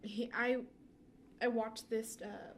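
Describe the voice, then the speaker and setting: A woman co-hosting a podcast in relaxed, chatty conversation. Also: fairly high pitch, takes it slowly, slight background noise. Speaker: podcast co-host. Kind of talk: casual chat.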